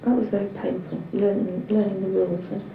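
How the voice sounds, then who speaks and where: A woman's voice: medium pitch, flat delivery, fairly quick, vocal fry, roomy sound. Reflective woman on a noisy, tinny tape. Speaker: interviewee. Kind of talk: personal documentary recollection.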